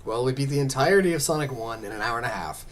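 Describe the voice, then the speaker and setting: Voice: mid-range voice, lively intonation, very fast. A gamer giving casual commentary while playing, muttering encouragement to themselves and joking with chat. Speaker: let's play gamer.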